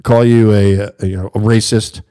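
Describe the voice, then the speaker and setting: A middle-aged man hosting his own livestream in a casual, rambling monologue. His voice sits low and mellow, earnest and direct as he answers viewers in the chat. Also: little pitch movement, moderate pace. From USA. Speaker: livestream host.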